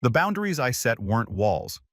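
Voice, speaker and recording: A man calmly narrating a first-person story in an even storytelling voice, recorded close to the mic. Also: mid-range voice, normal speed, no echo.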